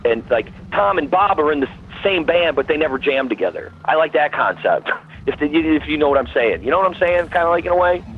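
A man's voice: a little high, lively intonation, a little fast, a little hiss or hum. A man, a guest musician, calling in and chatting casually, rambling and repeating himself as he talks. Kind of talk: casual phone-in chat. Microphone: phone call. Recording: tinny phone line.

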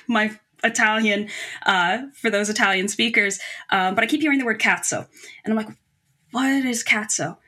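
A young woman telling a funny personal anecdote as a podcast guest, animated and self-deprecating, laughing often. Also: a little high. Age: young adult. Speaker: guest storyteller.

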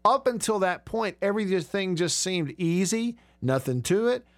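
A man's voice: high-pitched, expressive, moderate pace, dry recording. A man, hosting a radio talk show and telling stories in a chatty, self-mocking way from a studio. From Alabama. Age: 30s. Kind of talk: casual radio talk and storytelling.

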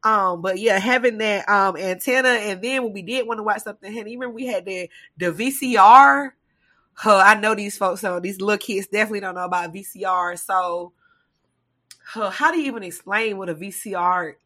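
Woman co-host, bright forceful tone, lively storyteller. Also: medium pitch, a little fast. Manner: animated storytelling, laughs often, acts out relatives' lines. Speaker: podcast co-host. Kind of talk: casual chat.

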